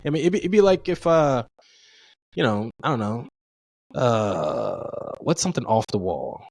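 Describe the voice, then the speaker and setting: A man's voice: mid-range voice, big pitch swings, a little slow, vocal fry, darkish tone, no room sound. A man from the United States casually telling travel stories on a podcast, rambling and profane, often laughing and acting out his reactions. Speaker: podcast co-host. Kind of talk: casual storytelling chat.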